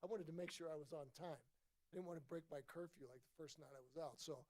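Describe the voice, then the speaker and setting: A man in his sixties, a former ballplayer and guest at a book event, telling a story in a casual, animated way and acting out the voices in his quotes. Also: on the high side, fast. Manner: animated anecdote teller, acts out voices in quotes. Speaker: former baseball player, guest.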